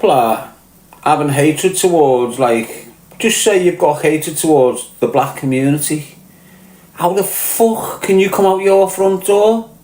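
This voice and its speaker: A middle-aged Liverpool man talks straight to his audience, blunt and full of swearing, throwing rhetorical question after rhetorical question. His voice sits a little higher than most men's. The room around him rings with noticeable echo. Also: a little mellow. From Liverpool, England. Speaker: podcast host. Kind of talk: ranting monologue to viewers.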